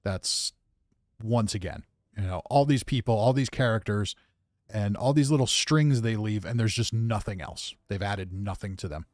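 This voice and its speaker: A man's voice: lowish voice, normal speed, no room sound, clean studio sound. A man streaming a game, giving casual commentary in a grumpy, offhand way and reading out chat comments. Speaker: gaming streamer.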